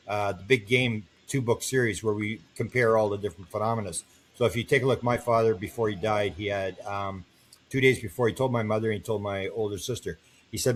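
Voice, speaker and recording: A man's voice: on the low side, a little hiss or hum. An older man, a guest on an interview podcast, telling long stories and acting out the voices of the people in them. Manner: animated storyteller, acts out quoted voices.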